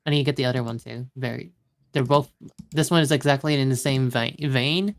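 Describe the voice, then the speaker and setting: Distracted, halting podcast co-host. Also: medium pitch, vocal fry. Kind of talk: casual chat.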